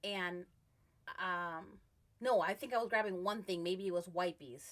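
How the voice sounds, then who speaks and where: Bright-voiced woman podcast co-host. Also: on the low side. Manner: chatty storyteller, quick to get emotional. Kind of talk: casual chat.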